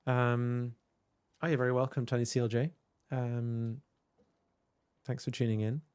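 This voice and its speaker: A man's voice: medium pitch, flat delivery, measured pace, a little mellow, clear, resonant tone, no room sound. A man hosting a casual livestream, chatting to viewers in a rambling, hesitant way with many fillers. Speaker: livestream host. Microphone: desk microphone with headphones.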